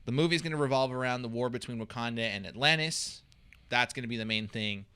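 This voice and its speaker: A man's voice: medium pitch, fast talker, bright, forceful tone, clear, resonant tone. A man hosting a podcast in casual chat, steering the conversation and moving topics along. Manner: steers the talk, moves things along. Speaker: podcast host.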